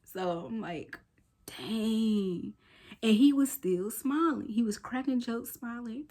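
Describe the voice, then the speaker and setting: A woman's voice: a little high, slow. Chatty woman in her thirties vlogging. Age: 30s. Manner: chatty and animated, with slangy asides and playful soft whispered quips. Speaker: lifestyle vlogger. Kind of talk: casual storytelling vlog.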